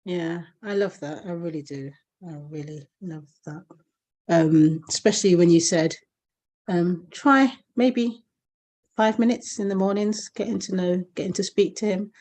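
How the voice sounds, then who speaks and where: A woman hosting an interview, chatty and quick to laugh as she reads out her questions. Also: on the low side. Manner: warm, laughs often, chatty. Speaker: interview host. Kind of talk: casual interview.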